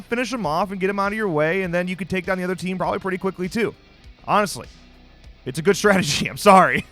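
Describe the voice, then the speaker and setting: A man with a fairly high voice talks through game strategy like he's chatting with friends. He's casual and jokey, and he tosses in plenty of "you know"s. Faint music plays behind him. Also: a bit bright. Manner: casual, joking, conversational with lots of "you know". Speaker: gaming channel host. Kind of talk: gameplay tips voice-over.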